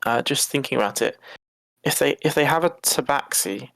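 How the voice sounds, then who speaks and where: A man's voice: medium pitch, moderate pace, gravelly, a bit bright, dry recording. A man playing a tabletop game, thinking aloud and weighing the group's options in casual talk. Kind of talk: casual chat about game strategy.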